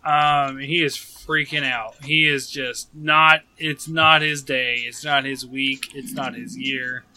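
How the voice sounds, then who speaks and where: Brief: male tabletop game master, very bright tone, slow and halting. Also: medium pitch, steady tone, a little hiss or hum. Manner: slow, with many fillers and laughs.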